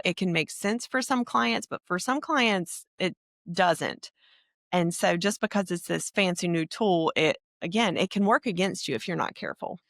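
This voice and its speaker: A woman's voice: lowish voice, creaky, fairly bright tone, no room sound, studio quality. A middle-aged woman with a Southern American accent, a podcast guest talking frankly in casual conversation.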